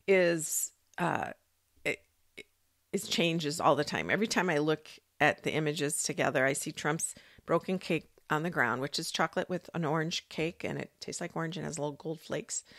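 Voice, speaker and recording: A woman's voice: sits low, dry recording, studio quality. A woman vlogger talking casually and thinking aloud, rambling with fillers and restarts. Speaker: psychic vlogger. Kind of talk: casual monologue.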